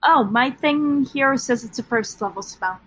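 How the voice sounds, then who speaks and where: A woman's voice: high-pitched, measured pace, a bit bright, slight background noise, low-quality recording. A woman playing a tabletop game, speaking with careful, precise phrasing. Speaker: player. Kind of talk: casual tabletop game play.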